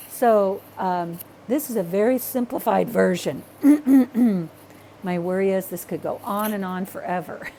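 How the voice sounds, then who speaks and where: A woman teaching a hands-on art project in a loose, chatty way, talking to herself and apologizing as she gets excited. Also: medium pitch, a little hiss or hum. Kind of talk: casual craft tutorial.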